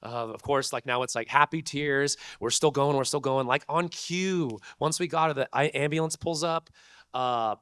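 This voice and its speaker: A man's voice: on the high side, moderate pace, fairly bright tone, clean tone, dry recording, studio quality. A young man, a voice actor, telling a story to a convention audience in a casual, chatty way full of "like" and "dude", with laughs between lines. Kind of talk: animated storytelling to a live audience. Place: convention panel room.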